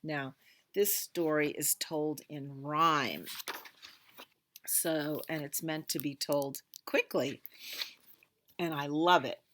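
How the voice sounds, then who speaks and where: A woman librarian reading a rhyming picture book aloud to children with lively expression. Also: sits low, takes it slowly, long pauses. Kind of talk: storytime read-aloud.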